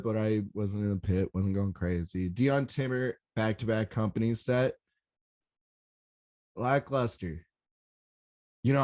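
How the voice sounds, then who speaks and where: Young male podcast host, lower voice, casual, animated, profane, rambling. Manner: excitable, swears a lot, rambling and animated. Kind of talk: casual solo podcast recap.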